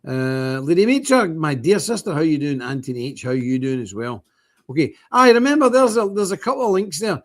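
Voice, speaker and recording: An older man with a slightly high voice, talking into a phone camera on a casual livestream. He rambles from one thing to the next and greets viewers one by one as they arrive. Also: very animated, a little fast. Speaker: livestream host. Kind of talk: casual livestream chat with scripture reading.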